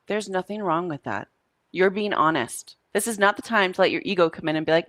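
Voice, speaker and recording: Casual storytelling woman, low voice, dry sound. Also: fairly quick, no echo. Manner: casual, storytelling, says y'all. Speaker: coaching teacher. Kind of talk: live coaching class talk.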